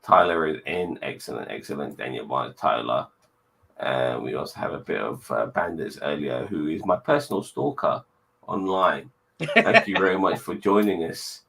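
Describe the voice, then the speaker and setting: A man hosting a casual online chat show, blunt and quick to swear, with cheery sign-offs. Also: rumbling low, lively intonation, gravelly, a bit bright, slight background noise, low-quality recording. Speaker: podcast host.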